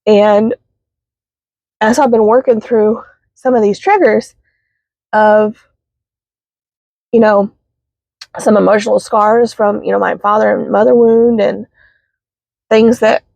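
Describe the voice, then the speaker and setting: A woman's voice: medium pitch, fairly even intonation, vocal fry, a little mellow, dry recording. Woman, teary vlogger, hesitant and filler-heavy, dull dry car-phone sound. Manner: halting, many fillers and apologies. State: teary, sniffling. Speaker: spiritual healing vlogger. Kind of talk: casual heartfelt vlog. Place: parked car.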